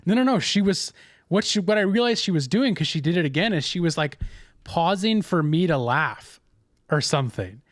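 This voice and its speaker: A man's voice: on the high side, lively intonation, moderate pace, no echo. Young guy on a podcast, rambling story, lots of restarts, dry close sound. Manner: rambling storyteller, many restarts and quoted asides. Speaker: podcast co-host. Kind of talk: casual chat.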